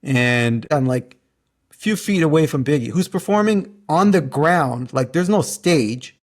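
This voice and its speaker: A man's voice: fairly high pitch, animated, a little slow. A man from Canada hosting a casual interview, telling his own stories with enthusiasm. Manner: enthusiastic storytelling. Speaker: podcast host.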